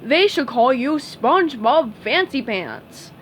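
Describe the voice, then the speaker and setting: Woman doing a slow dopey starfish guy. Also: high voice, animated, slight background noise. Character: dim friendly male starfish, slow and loud. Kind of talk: storybook reading.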